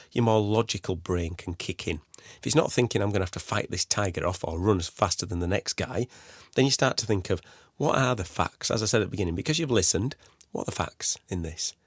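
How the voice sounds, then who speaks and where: Male podcast host, low gravelly voice, dry close sound, chatty and rambling. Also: no echo. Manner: conversational, rambling with restarts and "you know". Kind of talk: solo podcast advice talk.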